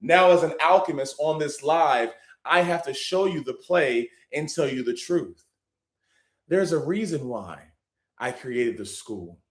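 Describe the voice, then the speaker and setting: A man hosting a livestream, hyping the audience and preaching about business, swinging between loud and hushed. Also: a little high, measured pace, reverberant. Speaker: livestream host. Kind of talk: hyped livestream talk.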